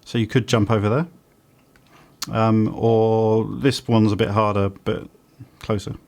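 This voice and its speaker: A British man running a tabletop game as dungeon master, relaxed and chatty with lots of ums and easy laughs. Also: lowish voice, a little slow.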